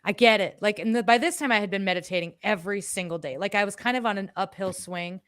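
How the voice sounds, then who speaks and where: A woman co-hosting a podcast, telling a story in a casual, animated way, swearing freely and acting out her own words. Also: mid-range voice, fast talker, clear, resonant tone, no room sound, clean studio sound. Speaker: podcast co-host.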